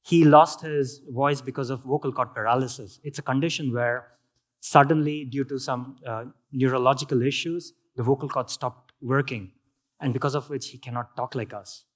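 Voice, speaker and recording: A man's voice: medium pitch, steady tone, moderate pace. A man with an Indian accent giving a technical conference talk, explaining step by step with frequent fillers and restarts. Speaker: conference speaker.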